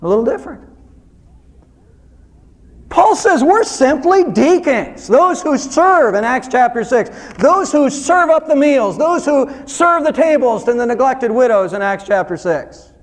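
A man preaching a sermon as pastor, earnest, rising to loud emphasis and dropping to soft low asides. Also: expressive, a little slow, big-room sound.

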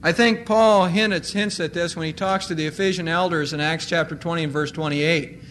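Man, pastor, sermon, high voice, emphatic word stress, faint hiss behind. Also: steady tone, fairly bright tone. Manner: emphatic, stressing single words slowly.

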